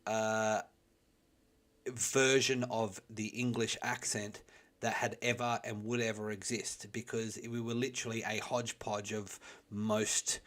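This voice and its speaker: A man with a general Australian accent hosting a casual chat, rambling with many fillers and barely opening his mouth. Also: on the low side. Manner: rambling, relaxed, lots of fillers; talks without opening his mouth much. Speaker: host.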